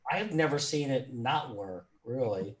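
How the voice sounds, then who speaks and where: A man hosting an interview, talking in a relaxed, chatty way and laughing often. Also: medium pitch, normal speed. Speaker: podcast host. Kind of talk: casual interview chat.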